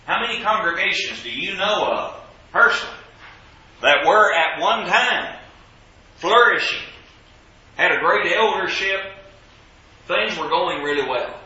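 A man leads a Bible class, reading scripture and quizzing his students in a bright, forceful voice. The recording is roomy and a little dull and lo-fi, as if taped in a church classroom. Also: sits high, lively intonation, a little slow, pauses often.

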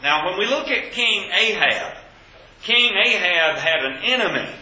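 A man's voice: high voice, animated, measured pace, pushed and bright. A man teaching a Bible class, asking questions of the group and stressing key points with emphasis. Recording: echoey, dull room recording.

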